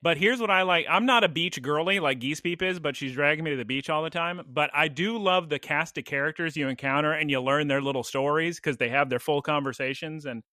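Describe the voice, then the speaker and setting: A man co-hosting a podcast, chatting casually with quick jokes and asides. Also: on the high side, no echo, studio quality. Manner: animated, jokey, quick asides. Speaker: podcast co-host. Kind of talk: casual chat.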